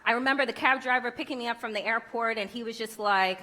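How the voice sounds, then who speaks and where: A woman's voice: a little high, fast talker, bright, forceful tone. A woman giving a conference keynote speech, emphatic and rhetorical, with wry humor. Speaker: keynote speaker.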